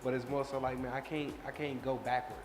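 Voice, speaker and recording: A man who is a singer talking about his music in a relaxed, casual interview. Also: medium pitch, fairly quick. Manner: laid-back, flat, frequent you know what I'm saying. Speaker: singer, guest. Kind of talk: casual chat.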